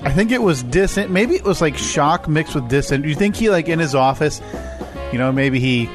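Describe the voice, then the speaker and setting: A man's voice: on the high side, expressive, moderate pace, music in the background. A man co-hosting a casual comedy podcast, rambling through jokes and laughing often. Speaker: podcast co-host.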